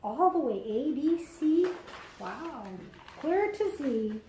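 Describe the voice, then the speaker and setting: A woman reading a picture book aloud to preschoolers, slow and sing-song, stopping to explain things to the children. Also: high-pitched, expressive, dark tone, slight background noise. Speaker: children's librarian. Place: library room. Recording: echoey room.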